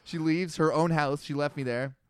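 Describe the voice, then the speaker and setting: Young man, comedy podcast co-host, slightly high smooth voice, dry close sound, laughs through his stories. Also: fairly even intonation, normal speed, no echo. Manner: storytelling, laughing often, acting out quotes. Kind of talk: casual comedic chat, reading scripture aloud.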